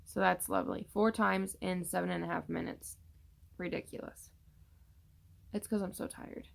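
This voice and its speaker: A woman's voice: fairly low pitch, steady tone, brisk, creaky. A young woman casually chatting through a pregnancy update vlog, rambling with many fillers and tired from yawning. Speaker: vlogger.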